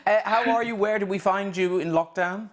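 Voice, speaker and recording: A man's voice: sits high, moderate pace. A male talk show host with a wry, quipping delivery, doing a joking monologue and then interviewing a guest over a video call.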